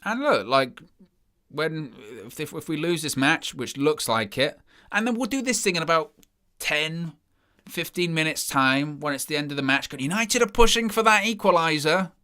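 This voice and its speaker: A man's voice: a little high, animated, moderate pace, sharp tone. A man giving live watchalong commentary as a fan presenter, exasperated and sarcastic about his team's play.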